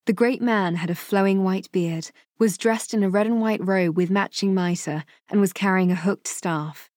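A woman narrates a novel as an audiobook reader, telling the story in a measured, even way. Her voice is mid-range, and the recording is clean studio sound with no echo.

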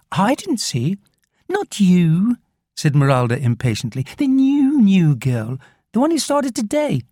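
A man narrating a children's novel in an expressive storytelling manner. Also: a little high, no room sound, clean studio sound. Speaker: audiobook narrator. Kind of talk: scripted narration.

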